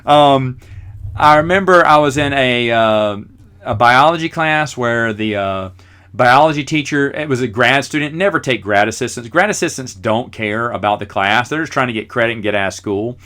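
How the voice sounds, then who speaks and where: A man's voice: mid-range voice, normal speed, pushed and bright. A middle-aged man hosting a podcast, telling rambling, self-mocking stories in a casual way. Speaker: podcast host. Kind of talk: casual storytelling.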